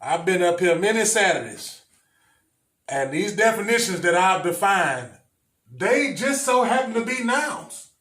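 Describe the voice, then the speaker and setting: Guy preaching a sermon, high voice, repeats himself, mic kinda far off. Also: lively intonation, a little slow, fairly bright tone. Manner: emphatic, repetitive, addresses the congregation directly. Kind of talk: sermon Bible teaching. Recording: echoey room, mic at a distance.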